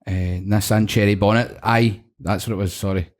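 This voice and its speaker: A man's voice: lowish voice, steady tone, moderate pace. A Scottish man hosting a podcast in casual chat, swearing freely and acting out phone calls as he tells stories. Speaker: podcast host.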